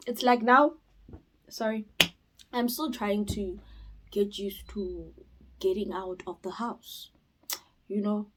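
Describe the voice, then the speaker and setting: A young woman from South Africa chatting casually on her vlog, rambling and expressive, with sudden loud bursts and whispered asides. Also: medium pitch, slow pace, pauses often, rough recording. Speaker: YouTuber. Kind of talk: casual chat.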